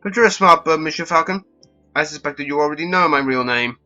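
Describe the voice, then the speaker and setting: A man's voice: a little high, quick pace, bright, forceful tone, highs cut off, soft background music. A man doing a suave scheming fox con man. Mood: sly. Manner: theatrical, smooth, grandly dramatic.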